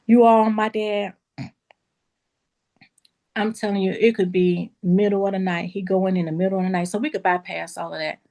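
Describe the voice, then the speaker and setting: A woman who owns a beauty school tells a personal story in a lively, casual way, talking straight to her listeners and acting out what people said. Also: medium pitch, moderate pace, creaky, pauses often. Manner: lively, acts out quoted dialogue in a raised voice; casual, addresses listeners as y'all.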